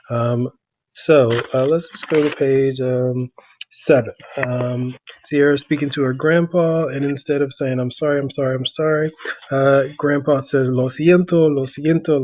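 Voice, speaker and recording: A man teaching a class through a podcast, talking casually with many pauses and fillers. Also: medium pitch, dull audio. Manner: relaxed, many ums and uhs.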